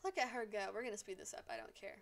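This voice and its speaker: A woman streaming a life-sim game, excitably scolding the characters and swearing freely in casual commentary. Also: fairly high pitch, rapid-fire, creaky, faint music behind. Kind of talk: casual live gameplay commentary.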